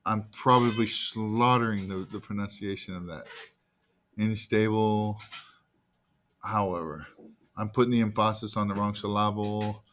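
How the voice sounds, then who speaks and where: A man's voice: fairly low pitch, moderate pace, a bit bright, a little hiss or hum. A man delivers a classroom lecture in an easygoing, conversational way. He keeps quizzing the students, then supplies the answers himself, and slips in playful asides along the way. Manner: asks the class questions and answers them himself; casual, jokey asides. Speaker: teacher.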